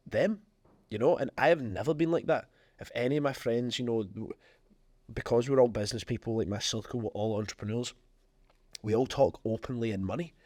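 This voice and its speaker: A man's voice: medium pitch, a little mellow, dry recording. A man hosting a podcast, giving frank, emphatic motivational talk about business. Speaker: podcast host.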